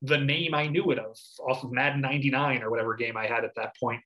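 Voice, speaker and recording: A man in his thirties co-hosting a casual sports podcast, telling stories with lively shouted impressions. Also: medium pitch, fast talker, highs cut off. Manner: animated storyteller, bursts into shouted impressions. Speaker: podcast co-host. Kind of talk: casual chat.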